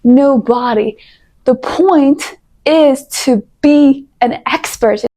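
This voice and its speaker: Young female vlogger, high pitch, lively advice-giving talk with playful asides. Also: very slow. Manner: animated, coaching, playful asides. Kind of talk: casual advice talk to camera.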